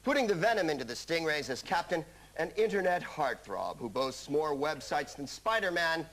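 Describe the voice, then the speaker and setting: Fairly high-pitched and very animated, the quiz show host keeps a moderate pace as he reads scripted gags ending in wry punchlines. The TV studio has a live audience, whose loud noise fills the broadcast recording.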